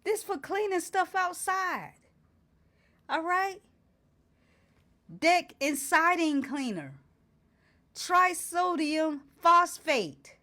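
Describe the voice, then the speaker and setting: Her voice is very high, bright and forceful, and she speaks very slowly and expressively, with long pauses. She's the host of her own talk show, addressing the camera with passion as she indignantly lists ingredients and asks rhetorical question after rhetorical question.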